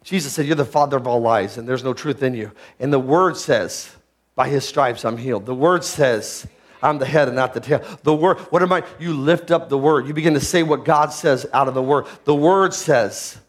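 At a normal speed, a male pastor delivers a sermon that climbs to shouts and falls to quiet, hushed instruction. He poses many rhetorical questions to his audience.

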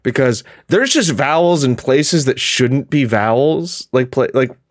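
A man co-hosting a podcast in casual chat, rambling with many restarts and quick asides. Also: mid-range voice, lively intonation, no echo, clean studio sound. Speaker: podcast co-host and gaming video creator.

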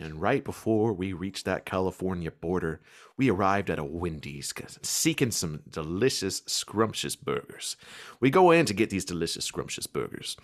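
A man in his twenties from Kentucky with a slight country accent, co-hosting a podcast and telling stories in a casual chat, laughing often. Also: sits low. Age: 20s. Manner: animated storytelling, laughs often. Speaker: podcast co-host.

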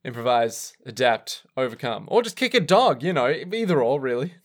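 A man's voice: medium pitch, sing-song, normal speed. A young man co-hosting a casual podcast chat, swearing freely and firing off wisecracks. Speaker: podcast co-host. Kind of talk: casual chat recapping an anime.

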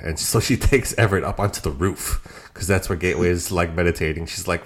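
A man with a very low, deep voice talks about comics with a fan's energy. He retells scenes eagerly and often laughs as he goes. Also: animated, brisk, hardly any pauses. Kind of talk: casual comic book discussion.

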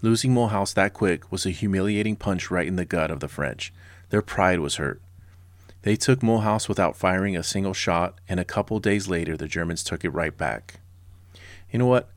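Brief: a low-voiced man in his forties, a history podcast host, blunt and sarcastic, in a dry, close recording. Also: moderate pace, no echo. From Southern California. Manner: sarcastic and blunt, with casual personal asides.

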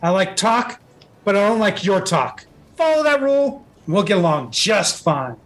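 A woman's voice: medium pitch, very animated, moderate pace, lightly acted. Haughty dwarf ship captain, female, barks curt orders, voiced by a man. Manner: imperious, clipped and commanding.

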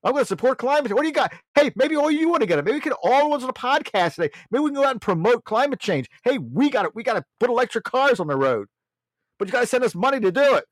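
A pushy, frantic huckster hard-selling from a dry, close-miked spot, as a talk host mocks him. His pitch shoots well above a plain speaking voice and swings wildly with every demand. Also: sing-song, very fast, no echo, full character voice. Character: pushy male huckster begging for climate cash.

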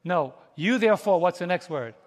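A man preaches in a high, lively voice, throwing questions back to his congregation and laughing between homespun stories. His words ring out with the long reverb of a church sanctuary. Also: normal speed. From United States. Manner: animated, preachy call-and-response with the congregation; laughs between stories, folksy colloquial speech. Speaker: pastor. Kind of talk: sermon.

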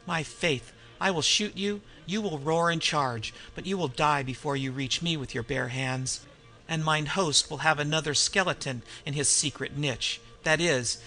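A man's voice: on the high side, moderate pace, bright, forceful tone, soft background music, rough recording. A man doing a cold French bandit. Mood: threatening. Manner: cold and taunting. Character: cool, menacing male French bandit.

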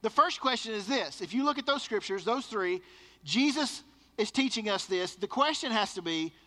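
A man's voice: high voice, expressive, moderate pace, bright, forceful tone, long reverb tail. A man preaching a sermon as pastor, emphatic and repeating words for stress.

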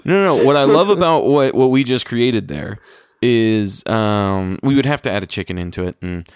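A man's voice: medium pitch, expressive, normal speed, clear, resonant tone, no echo, studio quality. A man co-hosting a casual podcast chat, crude and joking, rambling with restarts. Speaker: podcast co-host. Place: lives in Florida. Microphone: own dedicated microphone.

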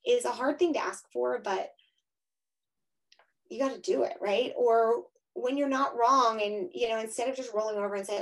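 A woman's voice: on the high side, fairly even intonation, normal speed, rough recording. A woman in her thirties or forties giving a frank, emphatic interview answer, often tagging her points with "right?". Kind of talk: candid conversational interview.

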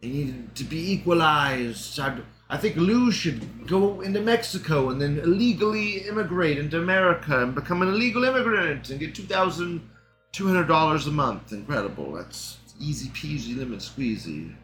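A man's voice: on the high side, lively intonation, normal speed, fairly bright tone, soft background music. A man hosting a live show, talking in a casual, sarcastic and profane commentary style, with frequent laughs.

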